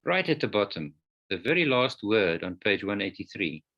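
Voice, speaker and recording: Guy teaching a class online, slow and patient, lowish voice, kinda muffled sound. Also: big pitch swings, sharp tone. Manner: patient, step-by-step explaining. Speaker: Greek lecturer. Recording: dull lo-fi online call audio.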